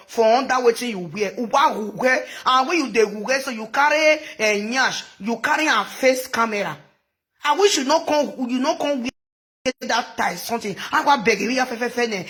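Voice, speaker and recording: A woman's voice: fairly high pitch, fairly bright tone. Chatty Nigerian woman gossip vlogger. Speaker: social media commentator. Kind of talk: gossip commentary vlog.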